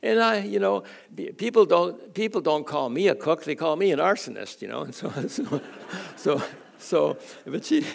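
Older man preaching with a gravelly, folksy voice. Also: on the high side, big pitch swings, slight background noise. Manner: folksy, chuckling, halting restarts. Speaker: guest preacher. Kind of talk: sermon with personal stories.

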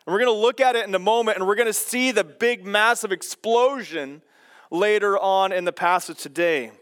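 Male pastor preaching in a church, high smooth voice, emphatic and slows on key lines. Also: fairly bright tone. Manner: emphatic, slowing on key phrases. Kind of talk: sermon. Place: church sanctuary.

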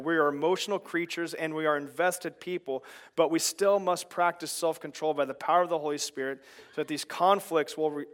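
Middle-aged pastor guy preaching, highish voice, emphatic and chatty. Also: fairly bright tone. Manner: emphatic, conversational preaching with rising intensity. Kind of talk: sermon.

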